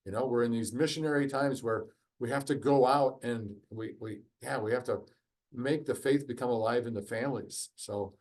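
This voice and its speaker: A man's voice: mid-range voice, normal speed, darkish tone. A man facilitating an online workshop discussion over a video call, conversational, with frequent ums and uhs. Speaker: course facilitator.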